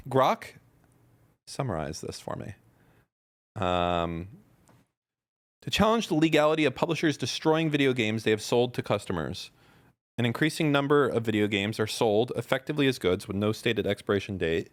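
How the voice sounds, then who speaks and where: A man hosting a loose podcast chat with a voice of ordinary, middle pitch. He is blunt and often sarcastic, tossing out dry remarks as he reacts to clips. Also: lively intonation, normal speed, pauses often. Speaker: podcast host.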